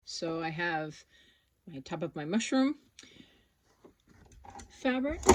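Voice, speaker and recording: A woman teaching an embroidery project, relaxed and thinking aloud as she works step by step. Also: sits low, slow, long pauses. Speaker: sewing instructor. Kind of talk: casual step-by-step tutorial.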